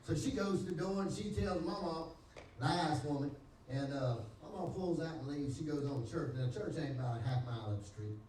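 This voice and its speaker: A man's voice: fairly high pitch, brisk, darkish tone, a little hiss or hum. A man with a North Carolina Southern accent, a pastor giving his testimony in folksy storytelling style, acting out the dialogue. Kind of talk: testimony preached to a congregation. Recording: echoey church hall, distant mic.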